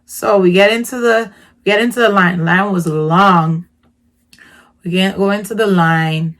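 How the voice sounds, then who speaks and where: Animated woman telling a story. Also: fairly low pitch. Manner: animated, slangy, swings from hushed asides to loud exclaims. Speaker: vlogger. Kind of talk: casual storytelling.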